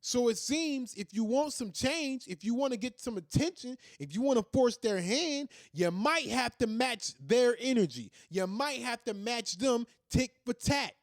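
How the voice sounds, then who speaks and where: Host, male, high-pitched, fiery profane rant, dry close sound. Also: expressive, a little slow, hardly any pauses, no room sound. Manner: heated, ranting, profane. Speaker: commentary host. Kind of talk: opinion monologue.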